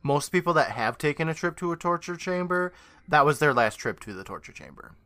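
A man's voice: a little high, expressive, a little fast, a bit bright, no echo. A man co-hosting a podcast, joking and swearing through a casual TV recap. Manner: joking, swearing, playing out quoted lines. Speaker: podcast co-host.

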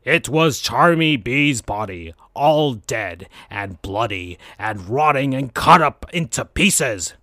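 A man hosting a podcast, reading absurd fan fiction aloud in a slow deadpan. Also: mid-range voice, no echo, studio quality. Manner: slow, deadpan, breaks into laughter. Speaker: podcast host.

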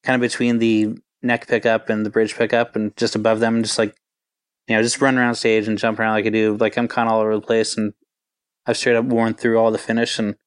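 Man in his 40s, musician guest, talks in a flat, level tone, smooth voice, dry close sound, loose and rambling. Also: on the low side, fairly quick, no echo. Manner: rambling, laid-back, full of filler words. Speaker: touring band guitarist. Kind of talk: casual interview storytelling.

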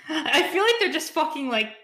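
A woman with a fairly high voice plays a tabletop role-playing game. She talks hesitantly, with many restarts, fillers and nervous laughs. The sound is roomy and echoey. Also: big pitch swings, moderate pace, pushed and bright. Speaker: player.

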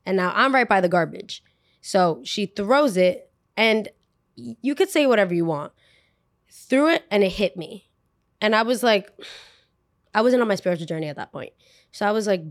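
A woman hosting a podcast tells a story in an animated, chatty way, with lots of "like" asides. Her voice sits at an average pitch. The recording is dry and close, with almost no room sound. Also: normal speed, dry recording. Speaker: podcast host. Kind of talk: casual storytime monologue.

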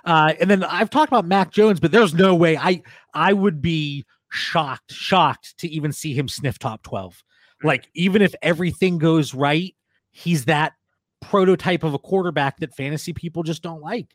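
A man's voice: fairly high pitch, normal speed, no echo, clean studio sound. A man co-hosting a casual podcast discussion, steering the talk and passing questions to his co-hosts. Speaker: podcast co-host, fantasy football analyst.

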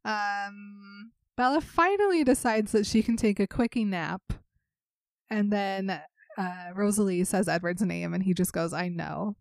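A woman's voice: mid-range voice, a little slow, creaky, no echo, clean studio sound. A woman co-hosting a casual book chat, reading passages aloud and breaking into joking asides. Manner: reads aloud then riffs with laughing asides. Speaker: podcast co-host reading a novel aloud.

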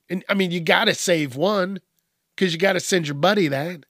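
A man's voice: sits high, normal speed, pauses often, a bit bright, no echo, clean studio sound. A man on a podcast, ranting crudely and mockingly with lots of swearing. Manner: profane, mocking, acts out whiny voices. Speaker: podcast host. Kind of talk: crude comedic rant.

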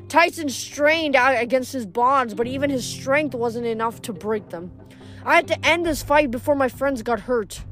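A woman reading a novel aloud in steady first-person narration, with small restarts. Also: high voice. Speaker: audiobook reader.

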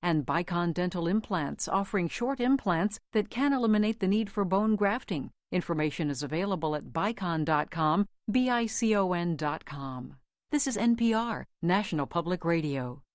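A woman announcer reading sponsor credits in a crisp, even way. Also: lowish voice, normal speed, no echo, clean studio sound. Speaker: radio announcer.

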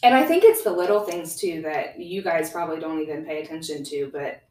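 A woman's voice: sits low, lively intonation, brisk, darkish tone, echoey room, low-quality recording. A woman podcast host asking her guests questions in an earnest, thoughtful way. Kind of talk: interview conversation.

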